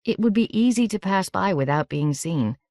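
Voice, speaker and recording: A woman narrating an audiobook in a measured, steady reading. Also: medium pitch, dry recording, clean studio sound.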